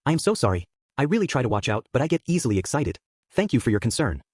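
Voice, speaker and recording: A male narrator voicing a woman cult leader who smothers everyone in sugary apologies and politeness. Her voice is husky and brisk, recorded dry and close. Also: mid-range voice, big pitch swings, a little mellow, no echo. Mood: apologetic. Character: falsely polite female cult leader, unsettling.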